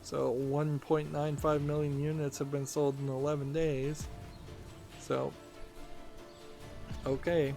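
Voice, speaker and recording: A man's voice: a little high, little pitch movement, takes it slowly, gravelly, long pauses, mellow. A man hosting a let's-play, giving casual commentary while thinking aloud with lots of fillers. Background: game music.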